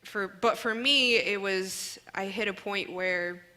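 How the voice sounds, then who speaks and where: Bright-voiced young woman, earnest and halting. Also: medium pitch. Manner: earnest, halting, many fillers. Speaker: guest sharing testimony. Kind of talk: casual church talk show chat.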